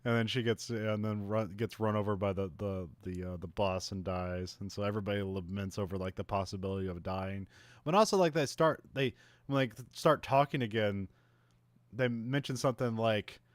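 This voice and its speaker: A podcast co-host recaps a movie in casual chat, rambling, chuckling frequently and using lots of fillers. His pitch is fairly low and his speed normal, with no echo on the recording.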